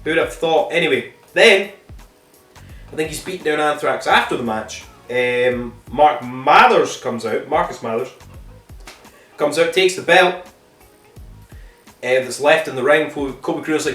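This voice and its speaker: A man hosting a wrestling review podcast, recapping matches in a casual, rambling way and swearing constantly, often pausing on ums and correcting himself. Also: on the high side, a bit bright. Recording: echoey room, distant mic, faint music.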